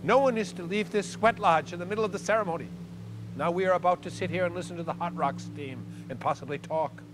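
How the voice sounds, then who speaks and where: A man's voice: high voice, fast, natural voice. Man doing a stern woman ceremony leader, scolding, firm, some hum behind. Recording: hum and noise under voice.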